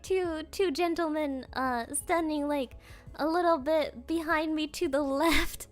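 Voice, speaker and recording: A young woman with a very high voice chats with her stream audience in an unhurried way. Her stories ramble and are full of fillers and giggles. Faint music plays behind her. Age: young adult. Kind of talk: casual chat with viewers.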